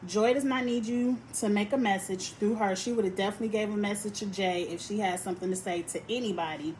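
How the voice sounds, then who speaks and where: A woman giving a sassy, animated recap of a reality dating show, talking straight to the cast. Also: mid-range voice, fast, slight background noise, low-quality recording. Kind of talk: casual opinionated recap.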